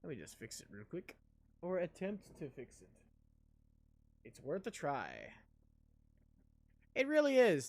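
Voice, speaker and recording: A man's voice: high voice, huge pitch swings, unhurried, long pauses, darkish tone, no room sound, studio quality. A man streaming a video game live, chatting in a joking, rambling way. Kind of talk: casual live-stream chat while gaming.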